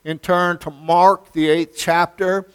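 Pastor with a smooth voice. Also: male voice, high voice, level tone, takes it slowly. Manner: folksy storytelling that builds to emphatic preaching. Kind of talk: sermon. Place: church.

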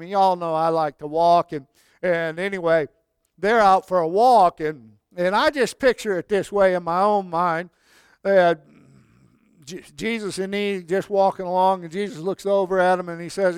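Folksy preacher, high and clear. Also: male voice, dry recording. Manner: folksy, swells loud then drops to near whispers. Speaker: pastor. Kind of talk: sermon.

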